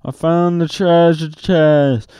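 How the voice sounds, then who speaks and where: A man voicing a curious, excitable young boy in a children's storybook read-aloud. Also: medium pitch, takes it slowly, clean tone, no echo, close to an everyday voice. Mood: eager. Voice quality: eager and excited.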